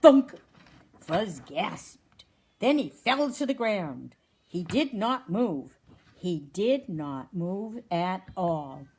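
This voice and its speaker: A woman's voice: fairly low pitch, drawn-out words, husky. A woman from a wildlife rescue reading a children's story aloud and asking the audience questions. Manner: animated, asks the audience questions.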